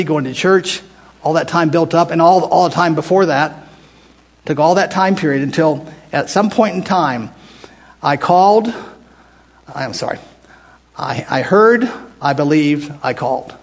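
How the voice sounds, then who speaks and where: A man's voice: on the high side, normal speed. An older American man leading a Bible study, talking conversationally, restarting phrases and putting questions to the group. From United States. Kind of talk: casual Bible teaching to a group.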